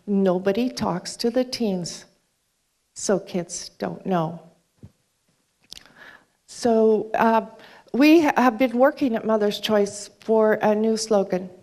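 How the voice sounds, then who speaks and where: A woman's voice: medium pitch, a little mellow. A woman giving a talk onstage, earnestly retelling a conversation by quoting each exchange. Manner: earnest, retells dialogue with quick quoted exchanges. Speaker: speaker at a charity talk event. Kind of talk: storytelling talk to an audience. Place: stage before an audience.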